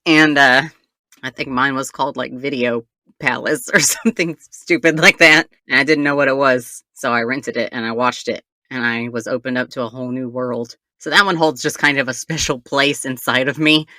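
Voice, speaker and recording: A woman co-hosting a podcast in casual chat, relaxed and fondly recalling things. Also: rumbling low, normal speed, no room sound, studio quality. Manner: relaxed, fond, laughs at own memories. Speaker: podcast co-host.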